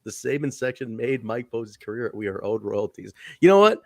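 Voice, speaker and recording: A man's voice: mid-range voice, big pitch swings, brisk, creaky, darkish tone, dry recording, studio quality. A man co-hosting a wrestling review podcast, chatting casually, swearing and laughing as he acts out what wrestlers said. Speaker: podcast co-host.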